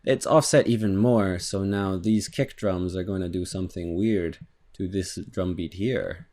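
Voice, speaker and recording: A man giving a casual, rambling software tutorial, thinking aloud as he clicks through and humming rhythms. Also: low-pitched, unhurried. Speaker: music production instructor. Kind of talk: screen-recorded software tutorial. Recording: faint electronic music underneath.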